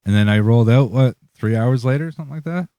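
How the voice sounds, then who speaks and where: A man's voice: mid-range voice, quick pace, mellow, dry recording. A man, co-host of a casual podcast, telling a loose, profane story with frequent laughs. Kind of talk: casual chat.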